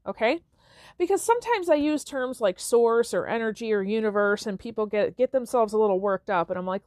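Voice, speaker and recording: A woman's voice: fairly high pitch, no room sound, studio quality. A woman hosting a self-help podcast, talking casually and checking in with listeners with frequent "okay?" and "right?". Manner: conversational, with everyday examples. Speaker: podcast host.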